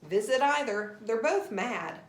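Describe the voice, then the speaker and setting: A woman's voice: a little high, expressive, unhurried. A woman doing the Cheshire Cat, a sly grinning cat. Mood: teasing. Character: grinning riddling male cat, sly and teasing. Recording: roomy echo.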